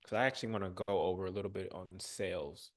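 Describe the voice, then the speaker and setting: A man's voice: sits low, steady tone, fast, dry recording, studio quality. A man hosting a live online coaching session, giving direct, coaxing instructions with casual slang. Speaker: workshop host.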